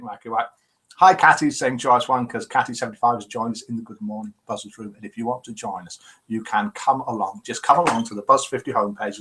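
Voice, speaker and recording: A man's voice: mid-range voice, pushed and bright. A man hosting a live chat show, reading out viewer comments and telling jokes in a chatty, teasing way.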